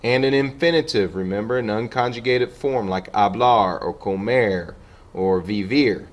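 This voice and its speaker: Patient man teaching Spanish grammar. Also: fairly low pitch. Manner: patient, repeats "okay" and slows down for example sentences. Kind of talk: classroom lesson explaining on a board.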